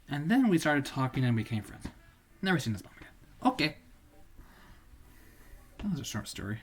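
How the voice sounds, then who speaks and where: Guy reading stories on stream, husky voice, bouncy pitch, faint music behind. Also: sing-song, normal speed, long pauses. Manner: rambling, self-correcting, casual. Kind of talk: live-streamed story reading.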